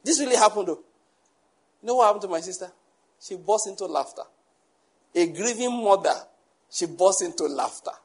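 A man preaching a sermon to a congregation, lively, acting out the people he quotes and laughing often. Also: high voice, moderate pace, pauses often, slightly rough. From Nigeria. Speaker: pastor.

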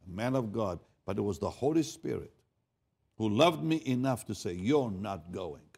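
An older man, a pastor, telling a story in a sermon, swinging from hushed asides to loud emphatic lines and often repeating words as he goes. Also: medium pitch, lively intonation, moderate pace, gravelly, slightly rough.

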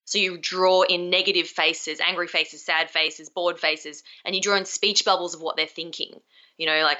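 A woman's voice: lowish voice, steady tone, normal speed, bright, forceful tone, lo-fi sound. A young adult woman, a communication skills coach, being interviewed over a video call, talking energetically and acting out example phrases.

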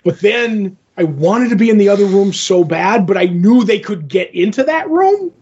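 A man co-hosting a podcast, casually retelling a comic story in a rambling, animated way with lots of fillers. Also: high voice, moderate pace, breathy edge, dull audio. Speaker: podcast co-host.

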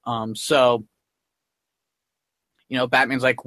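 A man's voice: mid-range voice, level tone, takes it slowly, pauses often, a bit bright, dry recording. A man hosting a podcast, casually retelling a comic in a rambling way full of ums and likes. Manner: rambling, filler-heavy retelling with many "like" and "um". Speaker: podcast host. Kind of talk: casual chat recapping a comic.

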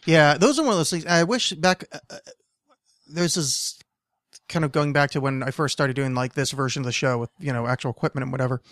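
Man in his thirties, podcast host, fairly high voice, rambling animated chat, dry sound. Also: brisk, no echo. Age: 30s. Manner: rambling, animated, swears, trails off mid-sentence.

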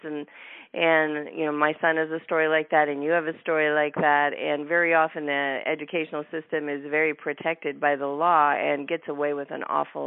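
A woman hosting an interview, chatting in a talkative way with quick laughs and restarts. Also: sits low, creaky, no room sound. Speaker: host. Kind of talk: casual interview chat. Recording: tinny phone-line sound.

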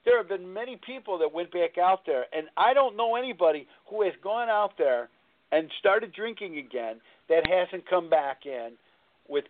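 Heard through tinny phone-line audio, a man with a high-pitched, expressive voice talks at an ordinary speed. As host of a call-in recovery program, he shares something personal in an earnest, meandering way, often repeating himself.

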